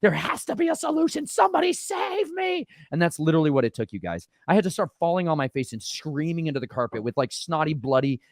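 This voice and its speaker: A man hosting his channel and telling his own story in an animated, rambling way. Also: on the high side, no echo, studio quality. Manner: rambling and excitable, slipping into mock voices. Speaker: channel host. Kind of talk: animated personal testimony.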